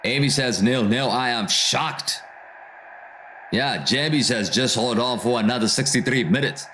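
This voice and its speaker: A man hosting a football watchalong stream, reading viewer comments aloud and reacting to the match in a relaxed, slangy way. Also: medium pitch, unhurried, a little hiss or hum. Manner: reads viewer comments aloud and answers them, calls out match action, slangy "bro". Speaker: livestream host reading chat during a football watchalong. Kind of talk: casual live commentary and chat reading.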